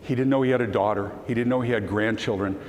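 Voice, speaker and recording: At a conference hall keynote, a man tells his story at a quick pace, acting out dialogue with animation while his mid-pitched voice breaks with emotion. The large hall gives his voice a long reverb tail, and a faint hum runs underneath.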